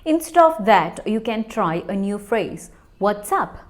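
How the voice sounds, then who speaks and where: A woman's voice: medium pitch, sing-song, a little slow. A woman teaching English, speaking directly and encouragingly to learners in a casual way.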